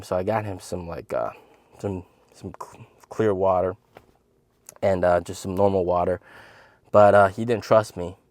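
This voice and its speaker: A man in his thirties casually telling a funny story to camera as host of his channel, animated and jumping into high voices when he quotes people. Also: no echo. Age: 30s.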